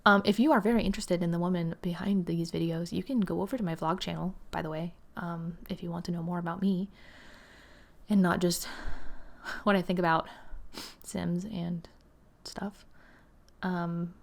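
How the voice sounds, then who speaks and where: Young female gaming host, casual rambling commentary with lots of fillers, lowish and gravelly. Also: fairly even intonation, moderate pace. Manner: chatty and rambling, with frequent "like" and "um" and some laughter.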